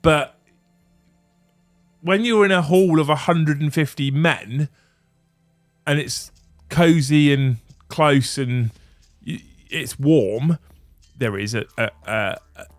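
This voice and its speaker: A man's voice: mid-range voice, slow pace, no echo, soft background music. A man hosting a casual livestream, rambling and chatting as he reads out lists and viewer messages. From England. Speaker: livestream host.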